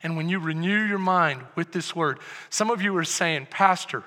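A man preaching a sermon as pastor, moving from quiet talk to loud, shouted preaching. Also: a little high, moderate pace. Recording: echoey hall with long reverb.

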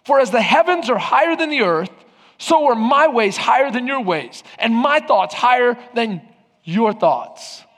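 A man with a very high voice delivers a sermon from the pulpit. He pushes the congregation with question after question. His voice carries a long reverb from the church hall. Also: lively intonation, a little slow, a bit bright. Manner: preaching with rhetorical questions to the congregation. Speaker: pastor. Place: church sanctuary.

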